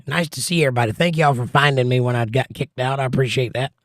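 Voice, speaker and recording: A man's voice: medium pitch, fast, dry recording, studio quality. Wry man reading chat on a stream. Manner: wry, teasing chat banter. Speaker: livestream host reading chat. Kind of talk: casual live-stream chat.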